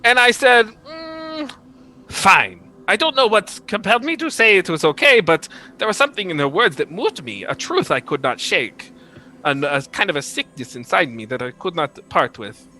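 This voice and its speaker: A man's voice: sits high, big pitch swings, moderate pace, bright, forceful tone, pitched above the performer's own voice, full character voice, low-quality recording. A man voicing a boastful young prince, freshly freed from a curse, who tells his tale in a rambling, self-important way. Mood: storytelling.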